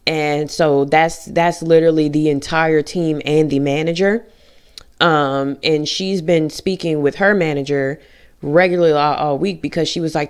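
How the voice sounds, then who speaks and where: A woman's voice: deep voice, fairly even intonation, moderate pace, clear, resonant tone. A woman talking candidly in a personal vlog, blunt and frequently swearing, acting out the things people said to her. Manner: blunt, frequent swearing, acts out quoted dialogue. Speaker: vlogger.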